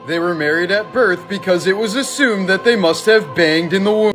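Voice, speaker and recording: Steady male narrator, slightly high voice. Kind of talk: scripted narration of creepy facts and stories. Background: faint background music.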